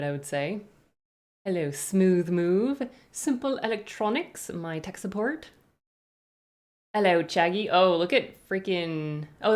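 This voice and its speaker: A woman streamer chatting casually on a live stream, greeting viewers one by one with rambling asides. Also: lowish voice.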